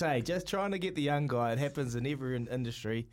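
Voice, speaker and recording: A young man with a New Zealand accent hosting a radio show, chatting in a relaxed, self-mocking way and using a lot of slang. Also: medium pitch, fast talker. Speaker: radio host. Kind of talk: casual radio chat.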